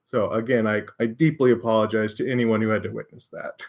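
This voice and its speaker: A man's voice: fairly low pitch, steady tone, fairly quick. An American man hosting a live stream, answering viewer questions in a chatty, self-deprecating way and laughing often. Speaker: maker and live stream host.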